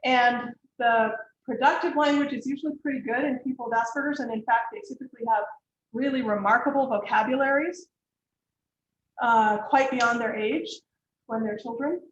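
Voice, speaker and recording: A middle-aged woman gives a lecture on counseling, explaining directly and illustrating points with examples. Her voice sits fairly high. The sound is roomy, with a faint hiss underneath. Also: normal speed, dull audio. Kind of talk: lecture to students. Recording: echoey room, faint background hiss.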